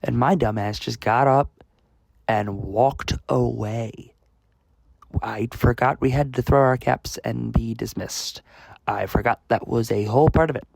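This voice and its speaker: His voice is mid-range, creaky, and slightly mellow, moving a bit slowly, with no room sound. The speaker, a young man from the United States, rambles through a self-mocking vlog story with many fillers and restarts.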